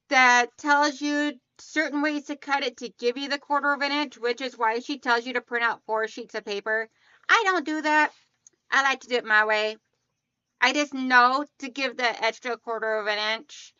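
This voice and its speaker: Chatty bright-voiced woman hosting a livestream. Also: sits high, no room sound, lo-fi sound. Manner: chatty, greets viewers by name, calls them hon and sweetheart. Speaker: quilting livestream host. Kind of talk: casual livestream chat with viewers.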